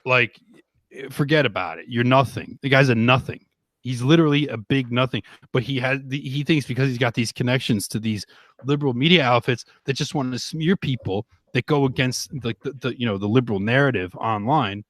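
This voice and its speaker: A man's voice: mid-range voice, a little fast, dry recording. Ranting man on a dry close mic. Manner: ranting, rising to loud outbursts. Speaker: podcast guest. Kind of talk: heated political talk on a livestream.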